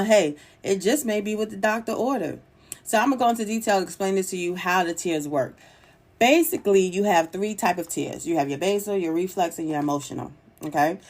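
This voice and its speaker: A woman's voice: fairly low pitch, darkish tone. Chatty, encouraging woman podcast host. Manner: chatty, encouraging, laughs easily. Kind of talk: solo podcast talk.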